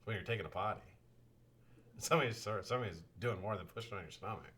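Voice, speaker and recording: A man hosts a live stream, greeting chat viewers one by one in casual talk, swinging from loud calls to low muttering and swearing freely. He speaks at a quick pace with a breathy edge.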